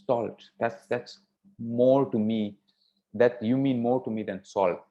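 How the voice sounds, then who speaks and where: A man voicing a timid, quiet young princess who speaks softly and hesitantly, on a dull lo-fi recording. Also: mid-range voice, fairly even intonation, takes it slowly, natural voice. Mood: earnest. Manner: soft, hesitant. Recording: dull lo-fi sound.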